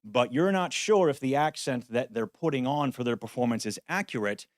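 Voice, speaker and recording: A man's voice: mid-range voice, expressive, moderate pace, no room sound, clean studio sound. A man, a voice actor, giving a practical conference talk with wry, self-deprecating asides. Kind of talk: conference presentation. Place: conference venue.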